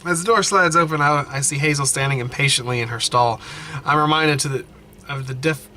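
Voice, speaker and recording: A man playing a story game at home, reading the text aloud with animated running commentary and frequent self-corrections. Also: on the high side, fairly quick, slight background noise. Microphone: desk mic, wearing headphones.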